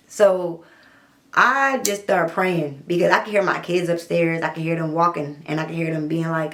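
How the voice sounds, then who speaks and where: Husky-voiced woman telling a blunt story. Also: on the low side, moderate pace. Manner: blunt, profane, animated retelling with quoted dialogue. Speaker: vlogger telling her own story. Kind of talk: candid storytime monologue.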